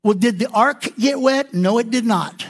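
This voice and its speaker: A man preaching a sermon as pastor, animated and acting out quoted prayers in different voices. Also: very high-pitched, normal speed.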